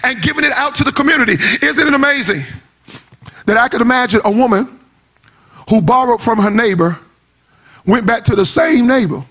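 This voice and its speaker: High, bright, husky preaching man. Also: brisk, long pauses. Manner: preaching in a rising sing-song cadence, shouting at peaks; uses casual vernacular speech. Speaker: pastor. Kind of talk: sermon.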